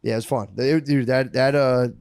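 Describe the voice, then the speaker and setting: A young man talks in a casual comedic chat, excitable and profane, slipping into voices for the people in his stories. His voice sits mid-range in pitch. The sound is dry and close, with no room around it. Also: moderate pace, clean tone, dry recording. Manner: excitable, swears a lot, acts out quoted voices. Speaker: podcast host.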